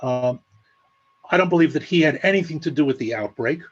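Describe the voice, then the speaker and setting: A man with a slightly high voice lays out his analysis in a measured, explanatory way and drops in an occasional dry, sarcastic aside. The sound comes through as muffled, lo-fi call audio. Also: slightly rough. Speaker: guest analyst. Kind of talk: spoken analysis at an online meeting.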